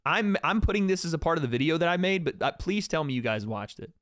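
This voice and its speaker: A man's voice: fairly high pitch, big pitch swings, quick pace, a bit bright, no room sound, clean studio sound. A young man hosting a livestream, joking and swearing casually as he talks to his chat. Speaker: streamer host.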